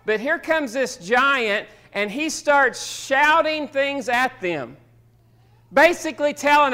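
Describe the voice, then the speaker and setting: A man's voice: extremely high pitch, animated, slow pace, pushed and bright. A man preaching a sermon, telling a story in a folksy, homespun way. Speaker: pastor.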